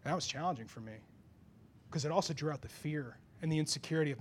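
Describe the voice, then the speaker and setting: A man with a fairly high voice preaches to his church. He is animated and builds from quiet reflection to loud, pressing rhetorical questions. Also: fast talker, slight background noise. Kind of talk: sermon. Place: church before a congregation.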